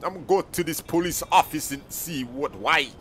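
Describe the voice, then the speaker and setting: A young man hosting his channel's game role-play, loud and excitable, slinging slang and calling out to his viewers. His voice is bright and forceful and sits a little high. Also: normal speed, slight background noise. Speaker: channel host.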